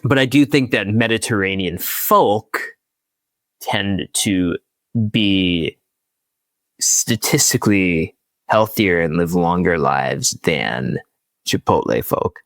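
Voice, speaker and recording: A man's voice: deep voice, lively intonation, slow pace, fairly bright tone, no room sound. A young man co-hosting a casual podcast, arguing his case earnestly with mock statistics. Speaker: podcast co-host. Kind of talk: casual debate chat.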